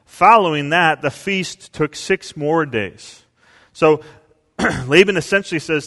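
Preaching in a large hall, this male pastor speaks slowly with a fairly bright tone. He tells stories and acts out quotations, swinging widely in pitch and loudness.

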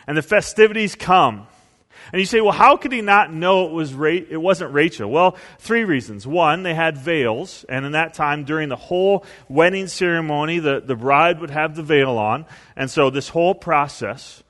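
A male pastor preaching a sermon, telling stories and acting out quotes with big swings in pitch and volume. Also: normal speed, fairly bright tone, big-room sound.

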